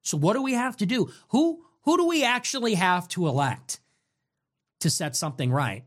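Young male host, fiery political rant, lots of rhetorical questions, swings his pitch all over. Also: big pitch swings. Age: young adult. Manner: ranting, rapid-fire rhetorical questions, profane. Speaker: show host. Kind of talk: political monologue.

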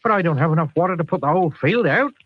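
A man's voice: lively intonation, very fast, dry recording. A man voicing a worried, stammering farmer with a West Country accent, raised far above his own voice. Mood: panicked. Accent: West Country English. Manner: stammering, high-strung. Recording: dull lo-fi sound.

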